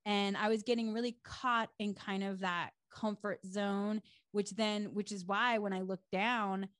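A middle-aged woman co-hosting a podcast, recounting a personal story in casual, animated fashion with many fillers. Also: medium pitch, unhurried, dry recording, studio quality. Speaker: podcast co-host.

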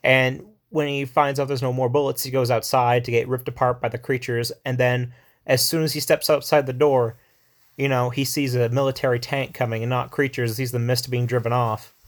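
A man casually recapping a war film in a rambling way, with many fillers and quick acted-out quotes from the characters. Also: medium pitch, little pitch movement. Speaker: film reviewer. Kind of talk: casual spoken movie recap.

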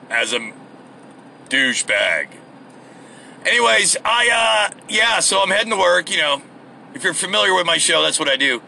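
A man's voice: high-pitched, creaky, bright, forceful tone, a little hiss or hum. A man hosting a rambling solo podcast from his car on the way to work, profane and self-deprecating. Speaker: podcast host.

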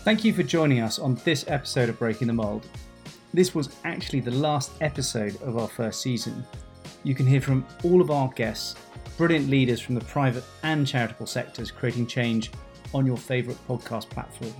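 A man reading a scripted outro for a podcast in an even, read-out way. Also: medium pitch, moderate pace. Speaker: podcast announcer. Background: faint music.

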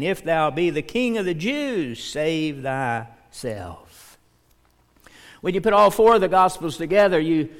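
Slow-preaching pastor in a reverberant hall. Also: male voice, fairly high pitch. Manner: slow, earnest preaching, reading scripture aloud. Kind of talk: sermon.

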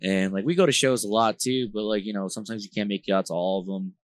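A man with a very low voice chats loosely as a podcast guest, leaning on "like" and "bro" as he rambles through stories. The sound is close and dry, with no room echo. He grew up in New Jersey. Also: quick pace. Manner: rambling, filler-heavy slang talk with frequent "like" and "bro"; animated, gets louder when retelling tense moments. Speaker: band vocalist, podcast guest. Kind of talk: casual conversational storytelling.

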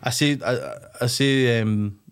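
A man's voice: medium pitch, fairly even intonation, slow, gravelly, clean tone. A young Scottish man telling a candid story in casual chat, rambling with frequent restarts and swearing. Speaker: podcast guest.

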